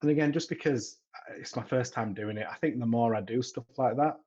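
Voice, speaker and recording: A man's voice: mid-range voice, a little fast, mellow, muffled recording. A man with a Yorkshire accent chatting casually on a podcast about starting out making tech videos, often restarting his sentences. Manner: chatty, frequent restarts and repeated words. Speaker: podcaster and tech content creator.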